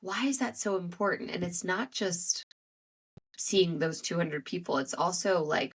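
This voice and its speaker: A woman's voice: lowish voice, measured pace, slightly rough. A woman in her thirties, a guest author in casual podcast chat, telling stories with lots of fillers. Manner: chatty, filler-heavy storytelling.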